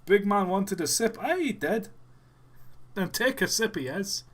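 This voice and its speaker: A man's voice: sits high, lively intonation, a little slow, pitched above the performer's own voice. A man putting on an exaggerated Scottish accent, playing a hearty local. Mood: jolly. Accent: put-on Scottish.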